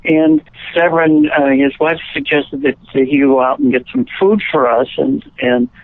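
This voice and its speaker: A man's voice: on the high side, moderate pace, creaky, dry recording. A man from Chicago, an actor and musician, telling rambling anecdotes in a casual interview, often restarting his sentences. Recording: tinny phone line.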